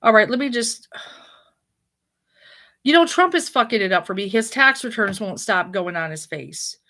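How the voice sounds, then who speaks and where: A woman's voice: medium pitch, animated, measured pace, sharp tone. A woman chats casually to her livestream audience in an ordinary mid-range voice. She rambles, curses without a second thought and keeps stopping to restart her sentences. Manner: rambling, blunt and profane, with frequent restarts. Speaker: intuitive reader hosting a livestream. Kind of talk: casual unscripted livestream chat.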